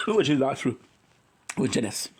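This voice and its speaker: A man's voice: mid-range voice, pushed and bright, slight background noise. A man talking on his livestream, rambling and emotional as he tells a story and keeps correcting himself. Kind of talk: confessional livestream chat.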